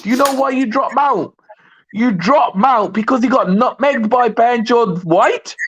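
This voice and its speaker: A man's voice: extremely high pitch, measured pace, fairly bright tone, husky, lo-fi sound. A man co-hosting a live football chat, emphatic and repeating himself to press a point. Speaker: co-host. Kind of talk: casual live-stream chat.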